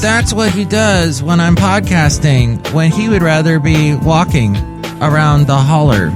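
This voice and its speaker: A man's voice: on the high side, a little slow, loud music behind the voice. A man hosting his own comedy podcast, rambling and jokey in a chatty monologue. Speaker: podcast host.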